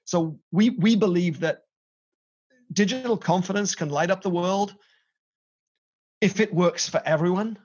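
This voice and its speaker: A man's voice: high-pitched, measured pace, long pauses, a little mellow. A middle-aged man with a British accent, a guest in a podcast interview, telling his story with energy and playful emphasis. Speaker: guest, company CEO. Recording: dull lo-fi audio.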